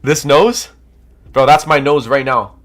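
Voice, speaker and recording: A man's voice: medium pitch, measured pace. A young Canadian man hosting a trading livestream, reading viewer comments and coaching in a hyped, casual way, with a nose stuffed up from allergies. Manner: energetic, hyped, coaching chat.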